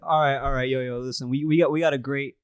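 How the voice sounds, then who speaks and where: A man's voice: mid-range voice, steady tone, fast talker, smooth, no echo. A man hosting a podcast in playful, rambling chat, laughing often and losing his thread. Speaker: podcast host.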